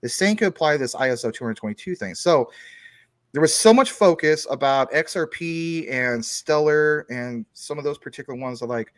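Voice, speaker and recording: A man's voice: a little high, expressive, normal speed, dry recording. Guy guesting on a chat show, rambles thru long analogies, dry mic. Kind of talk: casual podcast chat.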